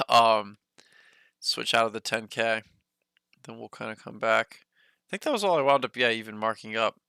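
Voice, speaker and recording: Young guy rambling on his stock livestream, bright clean voice, kinda winded. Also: on the low side, normal speed, creaky, pauses often, clear, resonant tone, dry recording. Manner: rambling, loose talk full of "like" and "you know". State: a bit out of breath. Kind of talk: casual livestream commentary.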